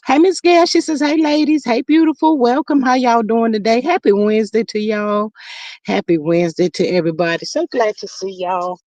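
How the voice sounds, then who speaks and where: Lady hosting a live chat stream, chatty and lively, dry close sound, reads comments out loud. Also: dry recording. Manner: chatty, lively, drawn-out greetings, sudden high exclamations.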